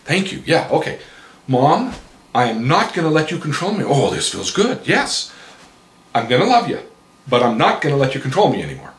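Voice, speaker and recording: A man's voice: fairly high pitch, sing-song, normal speed, voice pushed up. A man in his forties voicing a frustrated husband who vents emphatically, in a roomy-sounding recording. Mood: determined. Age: 40s. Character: frustrated middle-aged husband.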